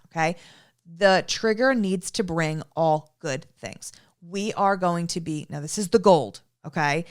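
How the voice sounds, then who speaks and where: A young adult woman who trains dogs, giving an emphatic instructional talk and checking in often with "okay?". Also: on the low side. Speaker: dog trainer.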